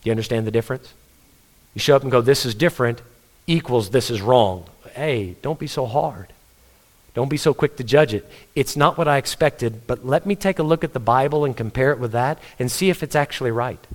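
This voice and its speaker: Casting: male pastor, mid-pitched voice, earnest conversational sermon delivery, storytelling. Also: fairly quick.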